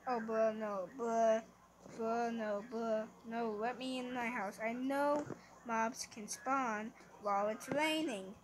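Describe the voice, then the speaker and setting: A woman's voice: fairly high pitch, steady tone, a little slow, background noise. A young woman giving casual commentary while she plays a game, chatty and easily flustered, often talking to the creatures on screen. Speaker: gamer.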